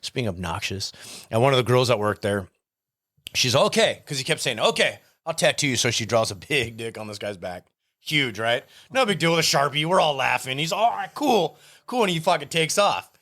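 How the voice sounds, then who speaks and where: A man and tattoo artist telling an animated, profane story in a casual podcast chat, acting out the people in it. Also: mid-range voice, brisk. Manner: animated, profane, acts out the people in his stories.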